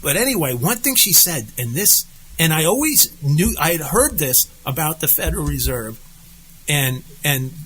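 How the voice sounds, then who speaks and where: Male co-host, high bright voice, animated storyteller, faint background noise. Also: normal speed, rough recording. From United States. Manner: animated storyteller, acts out quotes. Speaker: podcast co-host. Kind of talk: casual political chat.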